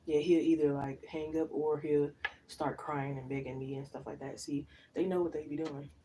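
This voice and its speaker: A woman's voice: sits low, little pitch movement, moderate pace, dark tone, far from the mic, slight background noise, rough recording. A woman tarot reader in casual live-stream chat, telling slangy stories and laughing often. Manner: chatty, slangy storytelling with frequent laughs.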